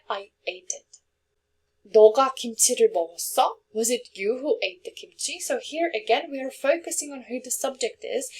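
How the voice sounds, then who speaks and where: A woman teaching a language lesson, explaining grammar patiently with example sentences and checking in with her listeners. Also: fairly high pitch. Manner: clear, patient, checks in with "okay?" and "yeah?"; reads example sentences quickly, translates slowly.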